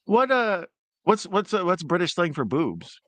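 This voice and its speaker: A man's voice: high-pitched, sing-song, a little slow, a bit bright, no echo. A man from the United States, a guest trading jokey banter during a casual commentary.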